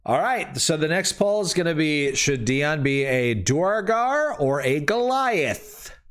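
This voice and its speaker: A man's voice: fairly high pitch, sing-song, slow pace, fairly bright tone. A man running the game with easygoing, casual talk. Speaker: game master.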